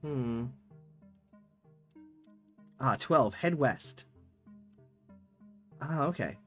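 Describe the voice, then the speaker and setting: A man streaming a game live, reading text aloud and reacting in excited outbursts. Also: medium pitch, drawn-out words, faint music behind. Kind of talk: live gameplay commentary.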